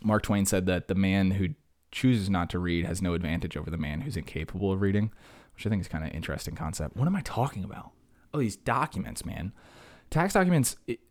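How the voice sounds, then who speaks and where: Fast rambling sarcastic man, dry sound. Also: low-pitched, lively intonation, no echo. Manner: fast, rambling and sarcastic, jumping between tangents. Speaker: podcast host. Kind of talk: solo podcast rant.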